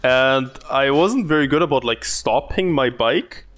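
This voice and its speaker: A man's voice: medium pitch, animated, measured pace, a bit bright, a little hiss or hum. A young man streaming a video game, chatting casually and rambling about his day while swearing freely. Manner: profane, rambling, laid-back. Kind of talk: casual gaming commentary.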